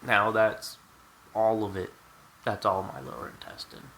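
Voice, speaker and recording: Bright-voiced man telling a candid story. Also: fairly low pitch, animated, measured pace, slight background noise, poor audio. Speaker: vlogger. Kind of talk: storytime vlog.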